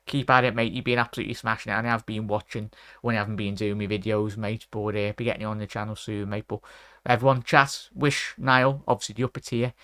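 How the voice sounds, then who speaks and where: A man hosting a casual live fan stream, rambling, giving shout-outs to viewers and ranting in frustration. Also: on the low side, level tone, fast talker, clean tone, no room sound, clean studio sound. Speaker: host of a fan watchalong stream.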